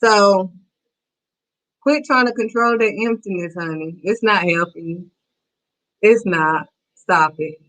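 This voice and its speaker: A woman's voice: medium pitch, takes it slowly, long pauses, fairly bright tone, rough recording. A woman hosting a faith-based talk show, giving blunt, emphatic, preachy advice. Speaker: host.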